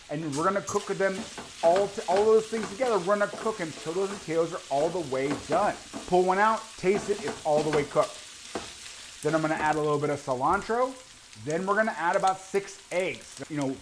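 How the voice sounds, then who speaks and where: A man's voice: fairly high pitch, slight background noise. A man hosting a casual cooking demonstration, talking eagerly while he cooks and tastes the food. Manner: enthusiastic, talks while tasting and cooking. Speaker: cooking show host.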